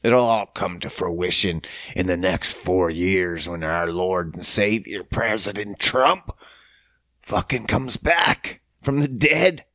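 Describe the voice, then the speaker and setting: A smug, crude hotel owner, put on by a man, brushes people off gruffly. The voice is slightly lower and slower than the man's own, and the recording is dry. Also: a bit bright, no room sound, heavily acted. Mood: dismissive.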